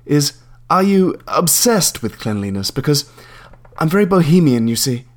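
A man voicing a fussy, self-declared bohemian woman in her forties who asks slow, probing questions. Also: on the high side, big pitch swings, voice pushed up.

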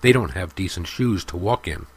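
A man voicing a strong, furious young village leader who speaks slowly and menacingly. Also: deep voice, lively intonation, breathy edge, full character voice. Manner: slow, cold, menacing.

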